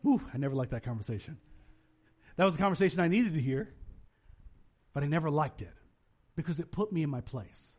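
A man preaching a sermon as a pastor, telling stories with animated delivery and acting out the people he quotes. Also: fairly high pitch, a little fast, long pauses, slightly rough. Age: adult, has children. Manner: animated storytelling, voices quoted parents.

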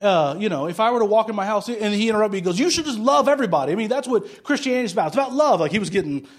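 High-voiced man preaching a sermon. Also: animated, racing. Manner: conversational preaching, tells stories and acts out dialogue. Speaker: pastor.

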